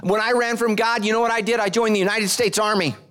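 Man, middle-aged pastor, high voice, lively sermon, acts out quotes. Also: quick pace, clear, resonant tone.

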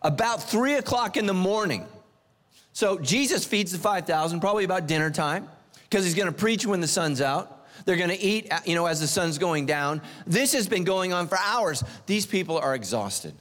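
A middle-aged male pastor delivers a lively, joking sermon with a fairly high voice. He swings his pitch up and down for emphasis. His voice rings with a long reverb through a large church hall. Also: moderate pace. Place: church sanctuary.

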